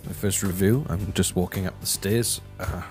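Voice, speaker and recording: A man hosting a comedic review from his house, talking deadpan and rambling with lots of ums. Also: low voice, moderate pace, faint music behind. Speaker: host. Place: his house, walking to the kitchen.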